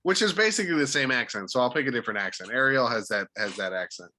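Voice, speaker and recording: Bright-voiced man joking on a podcast. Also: medium pitch, expressive, quick pace. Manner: joking, loose, laughs often. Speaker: podcast co-host. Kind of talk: casual banter.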